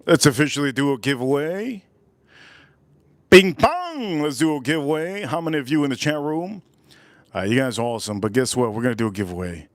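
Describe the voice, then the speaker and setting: A man hosting a casual outdoor barbecue livestream, repeating himself and giving loud, excited shout-outs to his viewers. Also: mid-range voice, quick pace, dry recording. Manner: repetitive, hyped shout-outs to chat. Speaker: livestream host. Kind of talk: casual live-stream chat.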